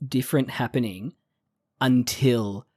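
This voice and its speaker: A woman's voice: a bass voice, unhurried, a little mellow, dry recording, clean studio sound. A woman co-hosting a podcast, joking and swearing casually while recapping an anime episode. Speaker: podcast co-host.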